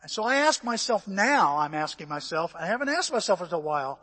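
An older man preaching a sermon, telling stories animatedly and acting out voices and shouts, sounding a little out of breath. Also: high voice, sing-song, brisk. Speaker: pastor. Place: church. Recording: echoey church hall.

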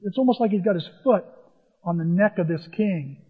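A man's voice: sits high, lively intonation, moderate pace, husky. A man preaching a sermon in a conversational storytelling way, retelling scenes as he goes. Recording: long hall reverb, dull lo-fi.

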